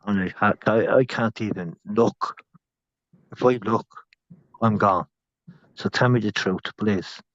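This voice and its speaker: A man talking on a phone in a rambling casual chat, swearing a lot and swinging from loud outbursts to whispers. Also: fairly low pitch, a little slow, pauses often, no echo, lo-fi sound.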